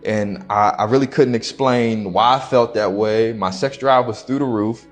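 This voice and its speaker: A young man, an interview guest, telling a personal story slowly and haltingly in casual slang. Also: fairly low pitch, faint music behind.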